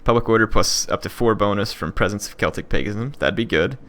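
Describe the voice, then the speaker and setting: A man's voice: lowish voice, fast, fairly bright tone, a little hiss or hum. A young man giving casual let's-play commentary on a strategy game, thinking aloud with many fillers and restarts. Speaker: gaming channel host.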